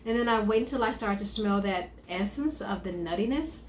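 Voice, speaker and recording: Woman chef-coach, mid-pitched, casual advice to camera, reverberant room. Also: expressive, a little fast. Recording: echoey room with faint noise.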